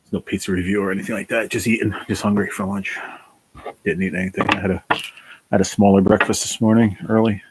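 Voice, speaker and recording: A man's voice: lowish voice, flat delivery, fast, a little hiss or hum. A worn-out man chatting casually on a livestream, reading and answering chat, sighing and swearing now and then. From New Jersey.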